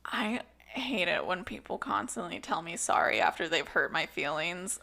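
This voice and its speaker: A woman's voice: lowish voice, animated, normal speed, vocal fry, pushed and bright. A young adult woman co-hosting a podcast, chatting candidly, laughing often and turning reflective. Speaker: podcast co-host. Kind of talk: casual chat.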